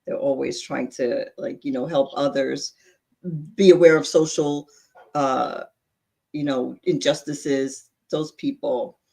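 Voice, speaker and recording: A woman's voice: rumbling low, fairly even intonation, takes it slowly, gravelly, dark tone. A woman co-hosting a podcast in casual chat, chatty and explaining things, laughing easily. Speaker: podcast co-host.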